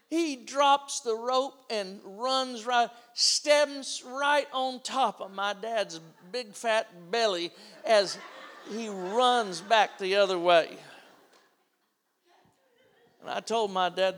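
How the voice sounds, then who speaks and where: A man's voice: high voice, slow, fairly bright tone. An older man preaching a sermon, telling a family story and acting out the voices of the people in it.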